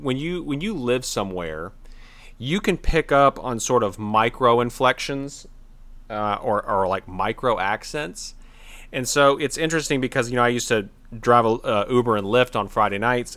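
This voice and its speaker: Mid-range and a bit bright, this man's voice moves at a normal speed. He's a podcast co-host in casual chat, wandering somewhat and restarting as he talks.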